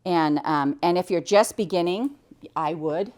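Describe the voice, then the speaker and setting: A middle-aged American woman walks through a quilting project step by step. She chats cheerfully as she works, and her voice sits a little low. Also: measured pace, a little mellow. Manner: chatty, cheerful step-by-step explaining. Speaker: quilting teacher. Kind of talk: hands-on sewing tutorial.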